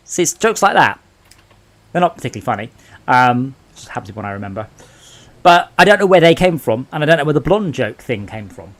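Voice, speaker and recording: A man's voice: fairly high pitch, quick pace. A man hosting a late-night gaming stream, rambling and telling jokes in casual chat. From England. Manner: rambling, animated storyteller. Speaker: streamer host.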